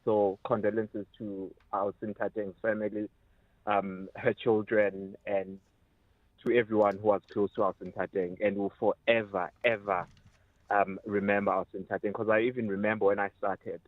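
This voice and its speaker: A man, a former radio producer, calling in and speaking haltingly as he searches for words. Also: lowish voice, little pitch movement, dry recording. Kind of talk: radio call-in tribute. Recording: tinny phone line, dry.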